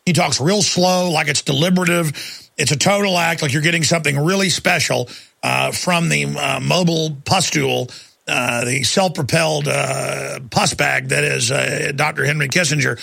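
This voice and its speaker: A man's voice: fairly high pitch, gravelly, pushed and bright, husky. A man hosting a talk show, bantering in a mocking, rambling, jokey way. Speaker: radio talk show host.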